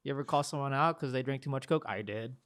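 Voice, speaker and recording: A man's voice: medium pitch, fast, a bit bright. A man co-hosting a podcast in casual chat, cracking jokes and teasing. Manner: joking, teasing interjections. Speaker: podcast co-host.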